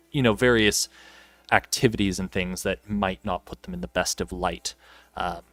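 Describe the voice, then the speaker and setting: A man with a lowish voice serves as dungeon master, laying out the scene at an easy pace. He leans on plenty of ums and uhs as he narrates. His voice sounds close and dry, with no room around it. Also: no echo. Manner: descriptive, filler-laden narration. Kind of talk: narrating a tabletop game.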